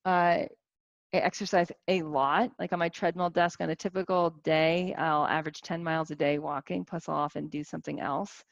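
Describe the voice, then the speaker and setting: A woman in her forties giving a casual teaching talk to a group as a wellness coach, animated, with many restarts and rhetorical questions. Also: sits low, moderate pace, gravelly, no room sound, lo-fi sound. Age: 40s.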